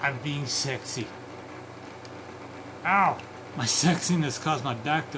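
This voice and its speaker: A man's voice: on the high side, takes it slowly, background noise. A man streaming alone, swearing and ranting in angry bursts and muttering to himself between them. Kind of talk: profane ranting stream chat.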